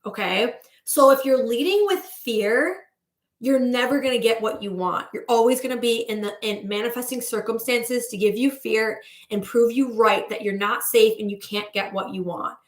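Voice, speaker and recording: A woman's voice: on the high side, normal speed, roomy sound. A woman manifestation coach in a breezy, chatty livestream talk, greeting viewers as she goes.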